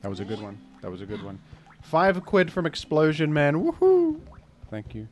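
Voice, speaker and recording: A man's voice: a little high, very animated, fairly quick, soft background music. A young man streaming a game, reading chat with dry, joking banter. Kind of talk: casual gameplay commentary.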